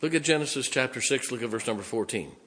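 A man's voice: medium pitch, expressive, fast talker, fairly bright tone. Man preaching in an echoing hall. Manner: emphatic preaching, reading scripture aloud then explaining it. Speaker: pastor. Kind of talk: sermon. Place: church sanctuary. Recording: long reverb of a large hall.

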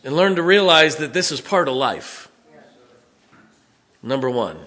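A man's voice: on the high side, very animated, measured pace, pauses often, sharp tone. A man preaching a sermon, folksy, joking and blunt as a pastor speaking to his congregation.

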